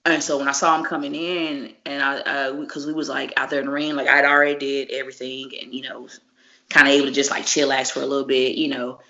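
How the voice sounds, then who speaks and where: A woman wrestler in a casual interview, telling stories in an animated, slangy and profane way. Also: rumbling low, fast talker. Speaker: wrestler guest. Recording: dull lo-fi recording.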